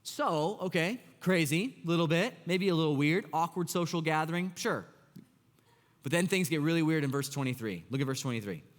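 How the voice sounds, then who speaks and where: A man in his thirties, a pastor preaching a sermon in an excitable, conversational way and talking straight to the congregation. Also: on the high side, normal speed. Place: church sanctuary. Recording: long church hall reverb.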